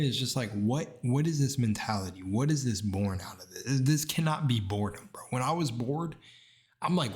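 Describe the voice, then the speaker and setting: A young man giving casual reaction commentary, rambling and heated, swearing freely and dropping slang. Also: lowish voice. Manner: rambling, slangy, says bro a lot. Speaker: video commentator.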